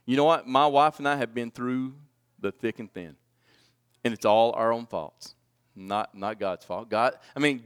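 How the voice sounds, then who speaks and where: A man in his forties preaching a personal testimony, swinging from loud pleading to hushed, low confession. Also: normal speed, clean tone. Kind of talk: sermon testimony.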